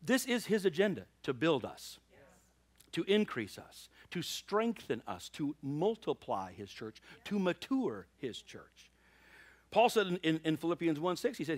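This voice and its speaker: A man's voice: on the high side, big pitch swings, a little slow. A male pastor giving a sermon, telling a funny personal story with laughter before moving into earnest preaching.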